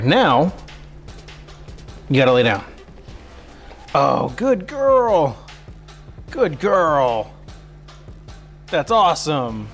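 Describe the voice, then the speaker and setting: A man's voice: a little high, fairly bright tone. A man hosting a cooking livestream from his kitchen, chatting casually and self-mockingly and cooing at his dog. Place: home kitchen.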